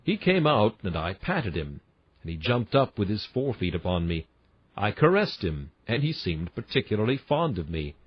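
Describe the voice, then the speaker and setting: A man's voice: on the low side, very animated, moderate pace, breathy edge, no room sound, muffled recording. A man reading a classic sermon aloud in an emphatic, earnest preaching cadence. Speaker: sermon reader.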